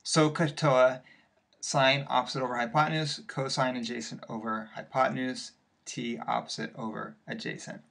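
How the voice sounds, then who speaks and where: A man's voice: mid-range voice, flat delivery, moderate pace, gravelly, fairly bright tone. A male math teacher walking patiently through worked examples in a recorded lesson, step by step with occasional fillers.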